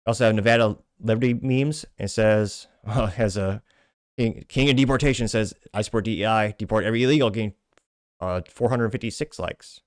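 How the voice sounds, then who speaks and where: A man hosting a talk show, reading social media comments aloud with wry asides and quick self-corrections. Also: on the low side, smooth, dry recording, studio quality. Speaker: podcast host.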